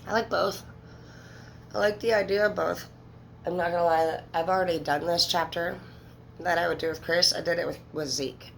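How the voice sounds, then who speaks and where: A woman's voice: on the low side, fairly even intonation, normal speed, vocal fry, slight background noise, rough recording. A woman in her thirties speaking candidly and emotionally to her viewers as a tarot reader, swearing freely. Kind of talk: casual monologue to viewers.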